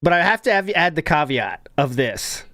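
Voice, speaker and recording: A man's voice: a little high, sing-song, normal speed, sharp tone, no room sound. A man hosting a podcast, talking through stream clips in a casual, critical, analytical way. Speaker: podcast host.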